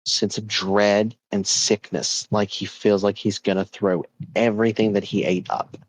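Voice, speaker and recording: Guy on a podcast rambling thru a creepy story, low voice, super dry mic. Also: flat delivery, measured pace, dry recording, rough recording. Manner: rambling, with many repeats and fillers. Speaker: podcast host. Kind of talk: casual storytelling of a ghost story.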